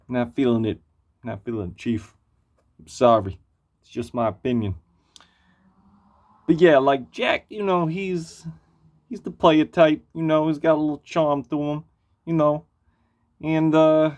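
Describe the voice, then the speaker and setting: A man giving a casual spoken album review, blunt and profane, rambling with lots of fillers. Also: fairly high pitch. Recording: muffled lo-fi recording.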